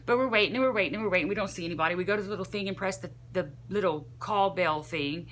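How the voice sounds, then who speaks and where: A young woman vlogger telling a casual, rambling story, animated and full of "like" fillers. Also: mid-range voice, racing, slight background noise.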